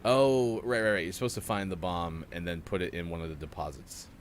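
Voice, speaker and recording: A deep-voiced man hosts a casual gaming morning show, drifting from game chatter into news items. His delivery rambles loosely. A faint background hiss sits under the recording. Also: fairly even intonation, fairly quick. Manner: rambling, reads out news items between gameplay remarks. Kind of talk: casual chat while playing a game.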